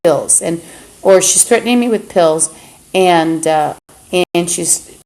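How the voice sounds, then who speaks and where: A woman's voice: fairly low pitch, takes it slowly, a little mellow. A woman talking into a phone on a livestream in an agitated, rambling monologue, swearing often. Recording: roomy echo, faint background hum.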